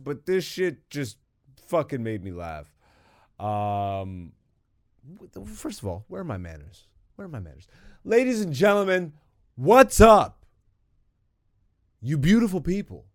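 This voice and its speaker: A man with a voice on the high side riffs solo on his own podcast, joking around in a goofy, foul-mouthed way into a studio mic. It's a casual comedic monologue, recorded with no room sound.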